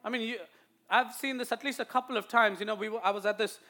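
A man with an Indian accent preaching a sermon to a church, moving between quiet asides and loud, emphatic declarations. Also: high voice, steady tone, quick pace. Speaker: pastor.

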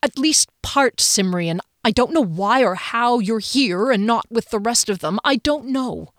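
A woman's voice: on the high side, lively intonation, unhurried, dry recording, studio quality, voice pushed up. A woman voicing an earnest, secretive male noble leader in an audiobook reading, speaking with pleading sincerity.

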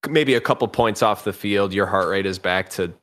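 A man's voice: on the low side, moderate pace. A man co-hosting a podcast in casual chat, playful and laughing often as he spins little scenarios. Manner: playful, laughs a lot, animated storytelling. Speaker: podcast co-host.

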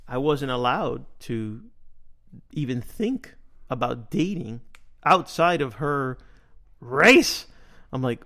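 A man hosting a podcast, telling a personal story in a casual, animated way and laughing often. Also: medium pitch, slow pace, creaky, pauses often. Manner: animated, laughs often, acts out quoted dialogue. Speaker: podcast host.

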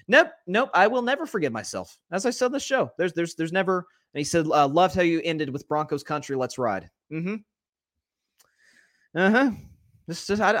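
A man hosting a sports podcast in casual talk, excitable and laughing, often tripping over repeated words. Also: a little high, no echo, studio quality. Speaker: podcast host.

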